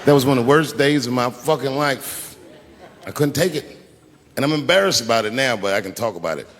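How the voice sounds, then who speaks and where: Animated male stand-up comic on stage. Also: mid-range voice, fairly quick. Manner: animated storytelling with acted quotes. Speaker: stand-up comedian. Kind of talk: stand-up comedy routine. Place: large theater stage. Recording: reverberant hall with crowd noise. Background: audience laughter.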